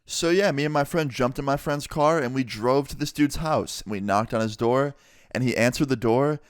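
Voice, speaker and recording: A man's voice: mid-range voice, moderate pace, clear, resonant tone, no echo, studio quality. A young man casually telling a storytime vlog, cursing freely as he retells events. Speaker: YouTuber.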